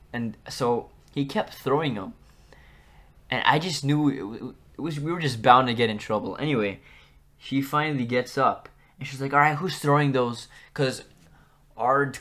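A man's voice: mid-range voice, fairly bright tone. A young man hosting a podcast, telling stories from his school days in a chatty, rambling way, full of fillers and restarts. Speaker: podcast host. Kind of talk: casual storytelling.

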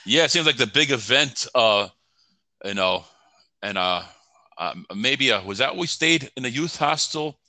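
A man in his fifties chatting casually and recalling things in a relaxed, halting way. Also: mid-range voice, no room sound. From United States. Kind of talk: casual conversation.

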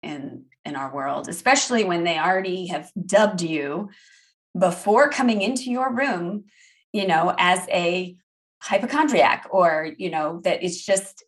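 A woman hosts an interview conversation, answering her guest with sympathy and validation. Her voice is on the low side for a woman. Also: animated, a little slow. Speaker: podcast host.

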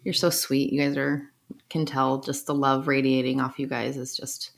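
A woman with a low voice co-hosting a casual podcast. She is effusive and upbeat as she wraps up the show. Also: flat delivery, moderate pace, creaky. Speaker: podcast co-host. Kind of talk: casual chat.

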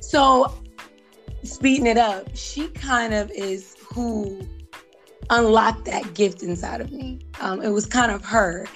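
A woman in a podcast interview talks things over reflectively, pausing on fillers and laughing softly. Her pitch sits mid-range for a woman, and faint music plays behind her. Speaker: guest author and life coach. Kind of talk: casual interview chat.

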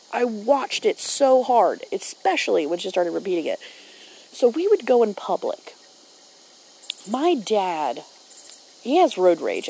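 A young woman with a drawl talks straight to the listener in a blunt, foul-mouthed, chatty way. Her pitch sits in the middle, and there is a faint hum of insects behind her. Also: gravelly, rough recording. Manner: blunt, profane, storytelling. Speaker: mom vlogger. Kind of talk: casual monologue to camera.

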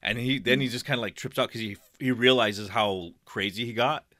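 A man casually telling a story on a podcast, full of fillers, acting out a yelling customer. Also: medium pitch, fairly quick, no echo, studio quality. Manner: animated, many fillers, acts out a shouting customer.

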